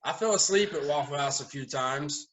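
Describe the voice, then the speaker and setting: A man chatting casually at a round table, telling lively stories and laughing often as he goes. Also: on the high side, moderate pace, poor audio. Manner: animated storyteller, laughs often. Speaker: haunt owner, podcast regular. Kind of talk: casual storytelling chat.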